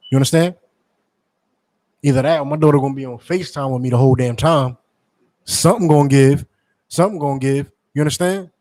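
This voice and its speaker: A man delivering a forceful sermon to his members, repeating points and asking rhetorical questions. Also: medium pitch, fast, long pauses, no echo, rough recording. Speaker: teacher addressing members. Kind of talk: street-preacher style sermon.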